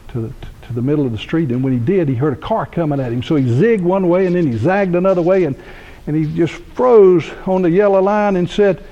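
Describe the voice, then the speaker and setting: Warm and medium-pitched, this Georgia man's voice reaches us through a muffled recording. In his sixties, he's the keynote speaker at a university lecture hall, telling folksy, humorous stories and laughing at them as he goes.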